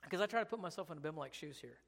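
Emphatic high-voiced man preaching in a hall. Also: lively intonation, very fast, gravelly, fairly bright tone. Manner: emphatic, conversational preaching with rhetorical questions. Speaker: pastor. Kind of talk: sermon. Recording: long hall reverb.

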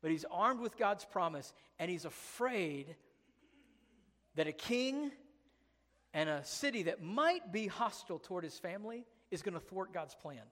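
A man's voice: high voice, animated, measured pace, fairly bright tone. A man preaching a sermon as pastor, emphatic and conversational, full of rhetorical questions to the congregation. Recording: long hall reverb.

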